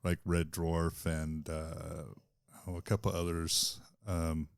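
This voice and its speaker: A man with a low, gravelly voice, speaking hesitantly with plenty of ums and uhs. The recording is dry and close. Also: monotone, slow pace, dry recording. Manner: hesitant, many fillers. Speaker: podcast cast member. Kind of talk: casual chat.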